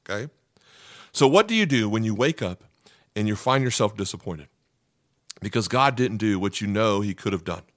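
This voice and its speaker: A man's voice: lowish voice, no echo, clean studio sound. A man preaching a sermon as a pastor, earnest and emphatic, often checking in with "okay?".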